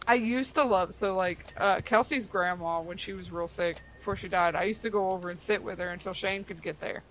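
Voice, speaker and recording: A woman's voice: mid-range voice, brisk, a bit bright, a little hiss or hum, poor audio. A woman in her thirties chatting casually, telling stories with acted-out quotes. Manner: storytelling with acted quotes, laughs often. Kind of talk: casual chat.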